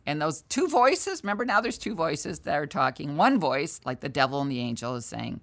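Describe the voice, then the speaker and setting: An older woman, a sales trainer and guest, telling a candid, self-deprecating story in an animated, conversational way. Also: sits low, moderate pace.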